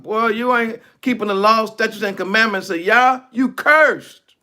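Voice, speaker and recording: A man's voice: sits high, measured pace, pushed and bright. A male preacher giving a fiery, colloquial online sermon, reading scripture and preaching it.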